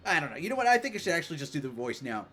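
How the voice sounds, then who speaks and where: A man streaming a game live, chatting casually, joking, thinking out loud with lots of fillers, and reading game dialogue aloud. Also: fairly high pitch, big pitch swings, racing.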